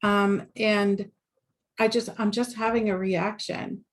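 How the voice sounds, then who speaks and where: A woman relationship coach talking casually as a guest, animated, with many fillers and restarts. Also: mid-range voice, slow. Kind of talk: casual conversation.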